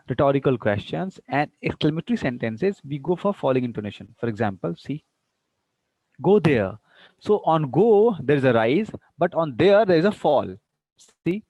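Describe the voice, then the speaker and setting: A man's voice: fairly high pitch, vocal fry, a little mellow. An Indian English teacher, a man with a slightly raised voice, walks students through an online lesson. He repeats sample sentences with exaggerated rising and falling tones and drops in the odd Hindi aside. The sound is dry, with no room echo. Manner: explanatory, repeats example sentences with exaggerated intonation. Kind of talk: online class lecture.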